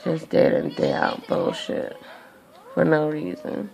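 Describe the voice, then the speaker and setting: A woman's voice: deep voice, very animated, measured pace, gravelly, dark tone. A tired young woman venting in a profane, exasperated rant to camera. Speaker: vlogger.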